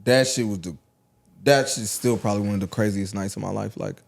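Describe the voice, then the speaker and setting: A man in his thirties from Atlanta, a rapper guest telling stories in a relaxed podcast chat, full of "like" and "you know what I'm saying". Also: on the low side, a little fast, gravelly. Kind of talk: casual podcast conversation.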